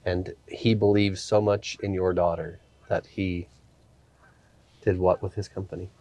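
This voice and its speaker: Deep-voiced male podcast host. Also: flat delivery, measured pace, darkish tone. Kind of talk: podcast interview.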